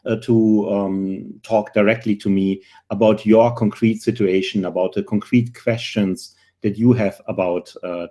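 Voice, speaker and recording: German man, 40s, webinar host; mellow low voice, earnest, filler-heavy delivery. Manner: earnest, many filler pauses, dry humor. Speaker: webinar host, career recruiter. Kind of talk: presenting a live webinar.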